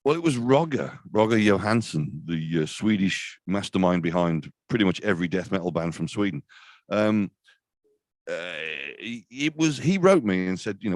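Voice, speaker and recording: A man's voice: low voice, animated, normal speed, a little mellow, no room sound. A man in his fifties, a death metal vocalist chatting as an interview guest, rambling and self-deprecating with many restarts. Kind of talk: casual interview chat.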